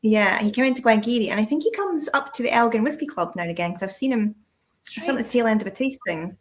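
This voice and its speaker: A woman's voice: a little high, expressive, fast talker, a little hiss or hum. A woman co-hosting a podcast, chatting in an easygoing way with lots of filler words. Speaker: podcast co-host. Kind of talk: casual chat.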